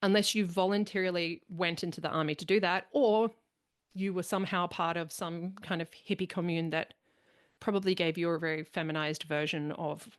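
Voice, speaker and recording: A woman hosting a podcast in casual conversation, talking animatedly and acting out the people she quotes. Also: fairly low pitch. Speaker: podcast host.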